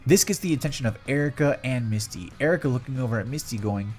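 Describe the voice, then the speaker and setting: Young man, casual fan-story narration, mid-pitched voice, faint guitar behind. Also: quick pace, hardly any pauses, darkish tone. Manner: conversational play-by-play, run-on phrasing. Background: faint guitar music.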